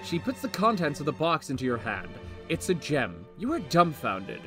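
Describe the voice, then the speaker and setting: A man streaming himself reading an AI text adventure aloud, with animated comic asides. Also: a little high, moderate pace, few pauses, music in the background. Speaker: streamer reading an AI story game.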